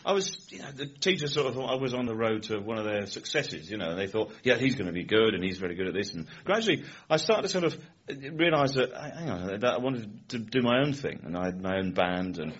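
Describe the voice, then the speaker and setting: A middle-aged English comedian being interviewed, telling rambling anecdotes in casual chat. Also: male voice, medium pitch, animated, fairly quick, few pauses, a bit bright, slightly rough. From England. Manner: rambling anecdotes with frequent laughs and voices. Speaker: comedian guest. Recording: muffled lo-fi recording.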